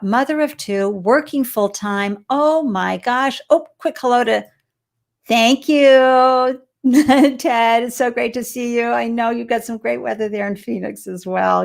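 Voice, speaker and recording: With vocal fry in her slightly high voice, a Boston woman welcomes her audience and guest to her live-stream interview show, sounding bubbly and effusive as host.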